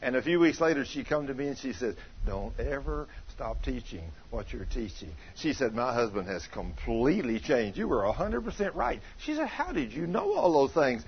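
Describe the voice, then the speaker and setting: A man's voice: mid-range voice, fairly quick, few pauses, slightly rough, lo-fi sound. A man preaching a folksy sermon, telling stories and acting out what people said. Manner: animated, acts out quoted voices, shouts in anecdotes. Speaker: pastor.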